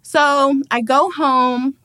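Lively young woman telling a story. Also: high-pitched, extremely slow, no room sound. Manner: animated, acts out others' voices in anecdotes. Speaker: podcast guest, actress and mother. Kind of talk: casual storytelling.

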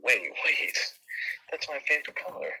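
A man co-hosting in casual podcast chat, with a very bright, sharp edge to his voice. His pitch roams widely as he tosses back laid-back reactions and deadpan jokes. His voice sits at a middle pitch for a man. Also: normal speed, breathy edge, poor audio. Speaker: podcast co-host.

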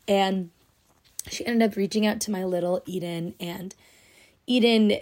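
A woman's voice: mid-range voice, fairly even intonation, moderate pace, a little mellow. A young woman hosting her own podcast, talking in a casual, gushing way, full of "like", and close to tears. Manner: gushing, heavy use of "like", emotional and teary. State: teary, on the verge of crying. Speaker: podcast host. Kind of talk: casual solo podcast chat.

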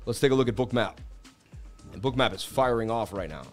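A man hosts a live market-analysis stream, talking in a casual, excitable way. His voice sits in an ordinary middle pitch. Faint music plays under him. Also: fairly quick. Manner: animated, casual, hype-driven. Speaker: crypto market analyst host.

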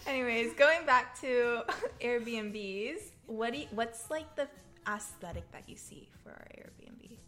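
A woman's voice: a little high, slow pace, sharp tone, faint music behind. A young woman in her twenties co-hosting a podcast, playful and teasing, laughing often. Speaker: podcast co-host. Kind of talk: casual chat.

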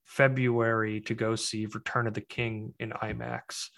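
A man's voice: on the low side, level tone, measured pace, gravelly, a bit bright. A young man co-hosting a casual movie podcast, rambling with restarts and dry, exasperated asides. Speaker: podcast co-host.

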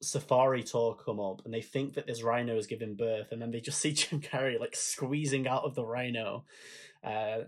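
A man's voice: mid-range voice, fairly even intonation, normal speed. A man co-hosting a podcast, chatting casually and enthusiastically about films, retelling favourite scenes with laughter. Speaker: podcast co-host. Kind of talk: casual film chat.

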